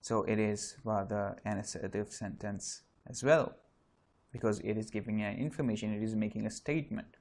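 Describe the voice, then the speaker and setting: A man with a lowish voice teaches an English grammar lesson online. He explains each point step by step, pausing with fillers and restarting his sentences as he goes. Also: steady tone, a little mellow.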